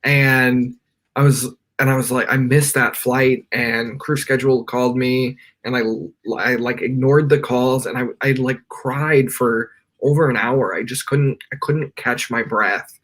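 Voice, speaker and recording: The voice belongs to a young man: mid-range, fairly even in intonation, unhurried and a bit bright. As a podcast guest on a remote call from his bedroom, he shares a personal story candidly in a live interview, his earnest talk wandering and full of "like."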